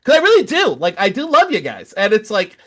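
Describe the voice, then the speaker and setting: A man's voice: high voice, wildly swooping pitch, a little fast, fairly bright tone. A man co-hosting a casual podcast, telling rambling stories with stammered restarts and sarcastic jokes. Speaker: podcast co-host.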